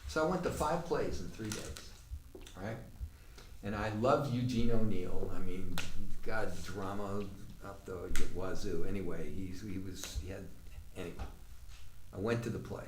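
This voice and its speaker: A man's voice: low voice, a little slow, slight background noise. A man telling a theatre story in a rambling, profane way, often restarting his sentences. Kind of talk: storytelling monologue. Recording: roomy, mic far off, faint room ambience.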